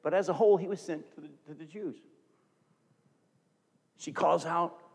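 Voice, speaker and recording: A man with a notably high voice preaches to a church congregation, reading scripture and dramatizing each quote. His words ring out with a long reverb trail from the large hall. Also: normal speed, a little mellow, husky. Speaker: pastor. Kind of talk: sermon.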